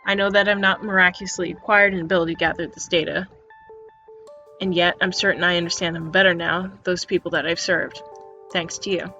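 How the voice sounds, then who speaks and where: A woman voicing a calm, polite male android caretaker in a quiet, measured, matter-of-fact way, read aloud from a story game. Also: lowish voice. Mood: gentle. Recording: dull lo-fi recording with faint music.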